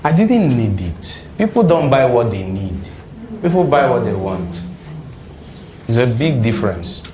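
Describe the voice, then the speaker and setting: A man's voice: mid-range voice, a little slow, background noise. Guy teaching a sales class, voice swings up and down a lot, keeps asking the room questions. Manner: animated, quizzes the audience. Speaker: sales trainer. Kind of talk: classroom lecture.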